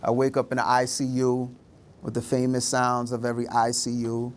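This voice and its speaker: A man's voice: mid-range voice, monotone, normal speed, a little hiss or hum. A middle-aged man giving a storytelling talk, acting out the voices of the people in his story. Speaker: speaker.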